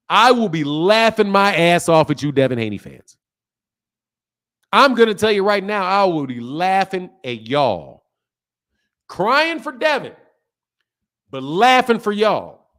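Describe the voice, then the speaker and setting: Man, high-pitched voice, boxing channel host, heated casual rant, profane, repetitive, blunt. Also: fairly bright tone.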